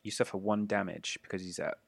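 A man narrating a tabletop game as game master, describing the action in a casual way with quick asides. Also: fairly low pitch, steady tone, vocal fry, no echo.

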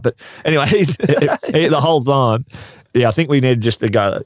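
A man's voice: medium pitch, normal speed, no room sound, clean studio sound. An Australian man as a podcast guest, telling stories casually and laughing at them. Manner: storytelling, laughs at his own stories. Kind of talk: casual chat.

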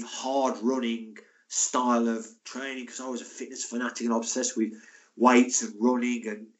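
An older man, a former footballer and physio, telling lively stories as a podcast guest and acting out the people in them. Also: medium pitch. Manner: lively, acts out the voices in his stories; chatty, frequent asides like "mate" and "and that". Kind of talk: anecdotal storytelling.

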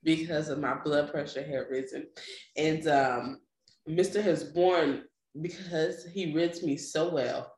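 A woman's voice: sits low, slow pace. A young woman chatting casually, telling a story with lots of laughter and acted-out voices. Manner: animated storytelling, laughing often, acting out quoted voices. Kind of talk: casual chat. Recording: echoey room.

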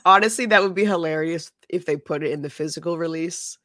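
A woman's voice: fairly low pitch, quick pace, fairly bright tone, no room sound, clean studio sound. A woman co-hosting a casual podcast, wry, laid-back and blunt. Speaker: podcast co-host. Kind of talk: casual chat.

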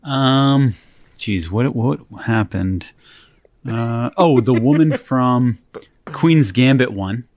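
A laid-back man chatting on a podcast, amused and pausing now and then to find his words. His voice is recorded close, with a dry sound that has no room echo. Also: medium pitch, darkish tone. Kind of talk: casual chat.

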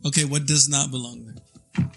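A man co-hosting a podcast, teasing the others and firing quick questions in casual chat. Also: medium pitch, fairly even intonation, creaky, husky, faint music behind. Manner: teasing, laughs a lot, asks quick questions. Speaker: podcast co-host.

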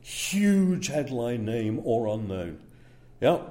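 A man's voice: medium pitch, big pitch swings, slow pace, dark tone. A man working as a speaker agent, talking casually in an interview and checking in with "yeah?" between fillers.

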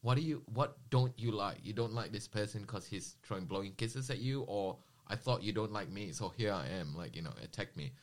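A man casually recounting personal experiences in an interview, with a rambling, animated manner and quoted dialogue. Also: fairly low pitch, a little fast, hardly any pauses.

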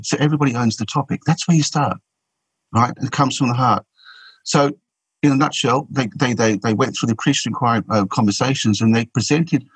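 Guy on a podcast, kinda husky, dry close sound, keeps restarting words. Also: mid-range voice, no echo, low-quality recording. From Australia. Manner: animated storyteller who repeats and restarts words. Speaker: guest. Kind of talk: storytelling in a podcast interview.

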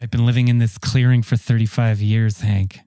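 A man's voice: medium pitch, level tone, normal speed, dark tone, smooth, no room sound, pitched below the performer's own voice, natural voice. A man improvising a blunt, exasperated woman who faked her own death, over-explaining with impatience in a comedy scene.

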